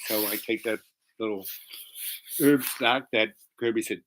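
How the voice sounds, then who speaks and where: A man telling a personal story in a casual, rambling way, animated and full of fillers. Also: on the low side, unhurried, slight background noise, low-quality recording.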